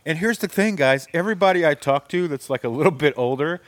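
A male radio host talking casually with friends. His pitch jumps around a lot as he jokes and laughs, keeping the chat animated. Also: fast talker, no room sound.

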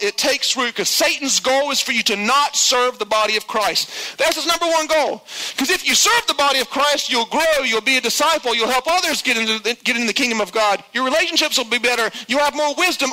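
A male pastor preaching a sermon, acting out quoted voices and dropping low for emphasis. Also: bright, forceful tone, low-quality recording.

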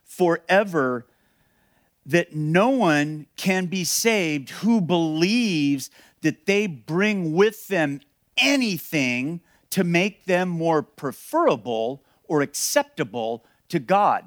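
An earnest male pastor preaches with emphasis, repeating phrases for weight. His voice sits a little high for a man. The sound is dry and close. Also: no room sound. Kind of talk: sermon.

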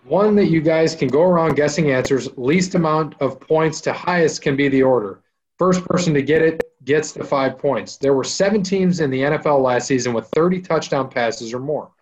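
A man hosting a casual sports trivia game on a podcast, running the rounds briskly and upbeat. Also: fairly high pitch, poor audio. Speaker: trivia quiz host.

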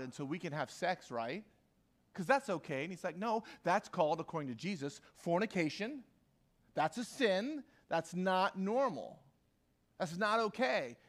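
A man preaching a conversational sermon to a live congregation, repeating key lines for emphasis and acting out quoted voices. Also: sits high. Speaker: pastor. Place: church hall with a live audience.

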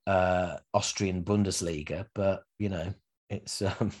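A man's voice: low voice, fairly even intonation, slow pace, a little mellow. A man co-hosting a football podcast, chatting casually with teasing banter and the odd swear word. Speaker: football podcast co-host, Leeds fan. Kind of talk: casual chat.

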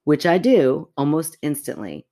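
A woman co-hosting a podcast, reading a listener's story aloud in an animated, chatty way and breaking off to react. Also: low-pitched, a little slow. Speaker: podcast co-host.

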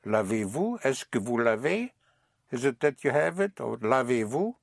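A man's voice: mid-range voice, sing-song, normal speed, creaky, no echo, clean studio sound. A man teaching a language lesson, patiently prompting and repeating phrases.

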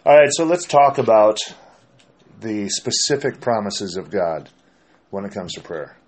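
A man's voice: fairly low pitch, measured pace. An older man, a pastor with grandchildren, chatting casually about prayer and telling stories, quoting scripture as he goes. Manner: relaxed, storytelling, quotes scripture. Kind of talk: casual conversation about faith.

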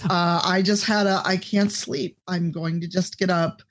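Woman podcast guest, husky, wry, chuckling. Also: lowish voice, fairly even intonation, unhurried. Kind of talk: casual podcast chat.

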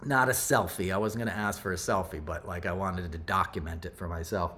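A man's voice: sits low, steady tone, fairly quick, bright, forceful tone. A middle-aged man hosting a podcast, telling a story in a loose, rambling way with plenty of asides and self-corrections. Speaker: podcast host. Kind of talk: casual storytelling monologue.

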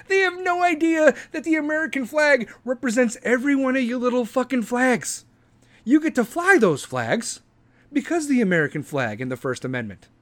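A man's voice: very high voice, animated, moderate pace. A middle-aged man, a veteran host, ranting angrily with sarcasm and heavy swearing. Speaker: podcast host and military veteran. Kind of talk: profane political rant.

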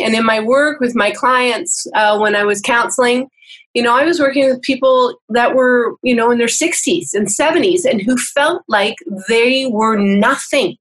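This counselor and teacher, a woman guesting on a video call, has a fairly high-pitched, slightly bright voice captured on a rough recording. Her interview talk is explanatory, earnest and instructive, with many "right?" check-ins.

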